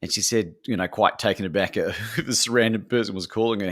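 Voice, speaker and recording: An Australian man, a guest courage coach, telling lively stories on a podcast and acting out the dialogue. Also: deep voice, brisk, hardly any pauses. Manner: animated storyteller, acts out dialogue. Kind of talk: podcast interview storytelling.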